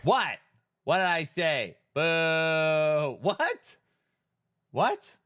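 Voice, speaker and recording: A man's voice: a little high, sing-song, drawn-out words, sharp tone, clear, resonant tone, no echo, clean studio sound. A man hosting a live stream in a playful, jokey way, greeting viewers by name as he reads the chat.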